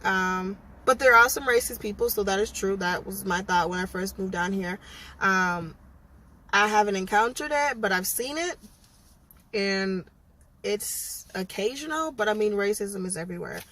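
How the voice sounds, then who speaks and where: A woman's voice: medium pitch, lively intonation, normal speed, sharp tone. A young adult woman from Massachusetts, talking frankly in a casual vlog, full of ums and likes. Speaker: vlogger.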